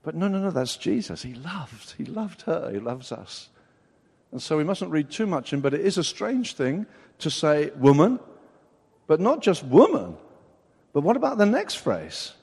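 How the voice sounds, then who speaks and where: A man delivers a sermon, explaining scripture and firing rhetorical questions at his listeners. His voice sits a bit high and moves expressively. A long reverb from the hall trails behind every phrase. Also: normal speed, gravelly, husky. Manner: expository, animated, rhetorical questions. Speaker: pastor.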